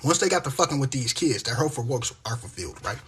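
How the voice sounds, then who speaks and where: Husky, animated man preaching from scripture. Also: mid-range voice, fast talker. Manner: reads verses aloud with emphatic asides, repeats "right?". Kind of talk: fiery scripture reading and preaching.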